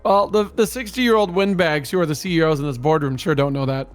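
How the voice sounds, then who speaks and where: A man's voice: fairly high pitch, brisk, faint music behind. A man co-hosting a stream, chatting and joking in a playful, giggly way. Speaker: co-host of a stream reading a document. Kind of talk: casual joking stream chat.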